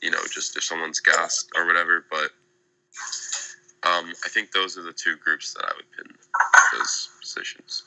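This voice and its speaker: Low flat-voiced young man. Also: vocal fry, no room sound, poor audio. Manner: measured, filler-heavy analysis. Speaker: guest analyst. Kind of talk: casual podcast chat.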